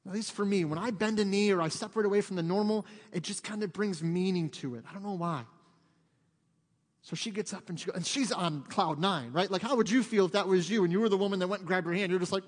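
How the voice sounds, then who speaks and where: Animated male pastor in a reverberant hall. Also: high-pitched, fast talker. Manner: animated storytelling, swings from loud to hushed. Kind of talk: sermon. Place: church sanctuary.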